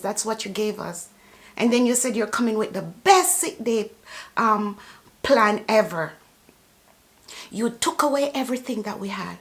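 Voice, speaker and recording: Slow, indignant woman ranting to camera. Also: fairly high pitch. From immigrant to Canada. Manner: indignant, emphatic, repeats for emphasis. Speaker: personal support worker. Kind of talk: impassioned political rant to camera.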